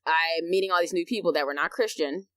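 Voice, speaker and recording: A woman's voice: on the low side, quick pace, a bit bright, no room sound. A young woman co-hosting a podcast, chatty and casual, with plenty of fillers and laughs. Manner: chatty, lots of likes, backchannels and laughs. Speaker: podcast co-host. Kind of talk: casual chat.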